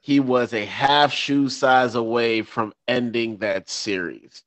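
A man co-hosting a casual sports podcast who talks haltingly and searches for words. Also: medium pitch, steady tone, dry recording. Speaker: podcast co-host.

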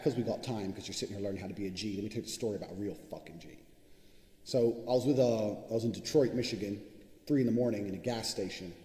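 Here the money-advice vlogger has a fairly low, slightly mellow voice. His motivational talk is boastful, brash, and full of profanity, and the room around him rings with long reverb.

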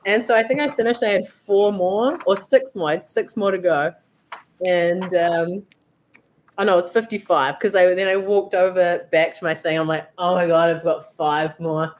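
A woman's voice: fairly low pitch, fairly even intonation, moderate pace, slight background noise. A young woman, a fitness coach telling a story in a casual, chatty way and acting out what she thought. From New Zealand. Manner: chatty, lots of "like" and acted-out self-quotes. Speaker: guest, fitness coach and athlete.

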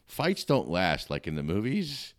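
A man's voice: low voice, huge pitch swings, measured pace. A middle-aged man, a comedian guest, telling blunt, matter-of-fact stories in casual chat.

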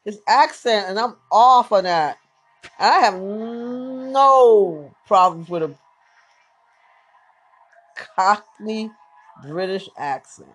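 A podcast host giving a casual, live running commentary while watching a movie, blurting out excited reactions and swearing freely. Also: mid-range voice, very slow, long pauses.

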